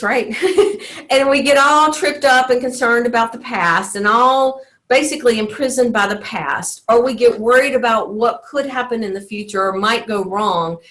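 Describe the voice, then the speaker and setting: A woman teaching a motivational teleclass as a life coach, in an earnest, encouraging way. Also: on the high side. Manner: earnest, encouraging, often acts out inner self-talk.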